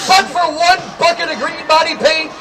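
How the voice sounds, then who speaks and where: High-voiced man joking on a festival stage. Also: steady tone, heavy background noise. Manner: rapid tongue-twisting wordplay, loud stage delivery. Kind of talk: stand-up storytelling to a live crowd. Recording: crowd and loud festival background.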